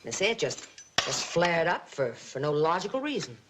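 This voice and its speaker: An actress playing a sly, nagging aunt who keeps house, in a 1950s TV drama. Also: female voice, low voice, sing-song, normal speed, noisy background. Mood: needling. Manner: nagging, insinuating, prim.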